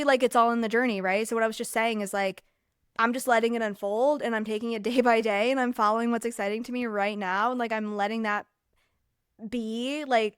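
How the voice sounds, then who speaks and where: A woman's voice: mid-range voice, smooth, no room sound, studio quality. Upbeat woman hosting a solo podcast. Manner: upbeat, reflective, many "like" fillers. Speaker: podcast host. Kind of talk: casual solo podcast monologue.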